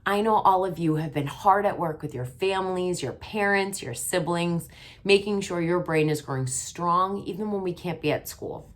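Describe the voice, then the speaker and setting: A woman's voice: on the low side, normal speed. A woman kindergarten teacher giving a remote writing lesson to young children, sounding out letters and stretching her words.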